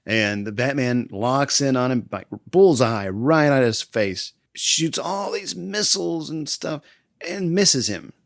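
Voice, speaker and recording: A man hosting a podcast and recapping a movie in casual chat, enthusiastic and quick to laugh. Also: mid-range voice, animated, vocal fry, no room sound, studio quality. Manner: enthusiastic, laughs often, acts out scenes. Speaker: podcast host.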